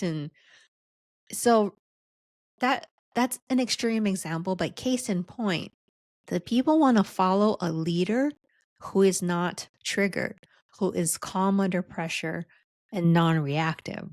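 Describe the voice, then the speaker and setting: Woman, podcast host, leadership coach, conversational, slow delivery, dry close sound. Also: fairly low pitch, darkish tone, no room sound. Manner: conversational, frequent "right?" and "like". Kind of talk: solo podcast teaching.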